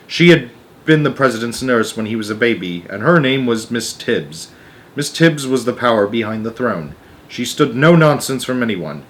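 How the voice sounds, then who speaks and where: A man reading a children's book aloud as a storyteller, with an animated delivery. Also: medium pitch.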